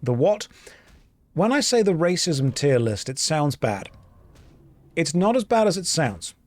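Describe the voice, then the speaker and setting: A man's voice: on the high side, very animated, a little slow. An English man streaming an online game, chatting casually in a rambling, joking way while he plays. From England. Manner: rambling, joking, thinking aloud. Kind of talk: casual gameplay chat.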